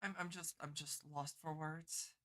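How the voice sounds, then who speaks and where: A woman chats on her live stream, her voice stuffy and teary after a long cry. She talks haltingly and trips over her words. The tone is bright and sharp-edged. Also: low voice, steady tone. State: teary and congested from crying. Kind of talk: casual live-stream chat.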